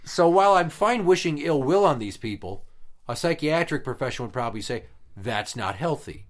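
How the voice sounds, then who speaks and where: A man's voice: a little high, a little fast. A man in his thirties co-hosting a podcast, telling stories in a blunt, profane, casual way. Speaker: podcast co-host.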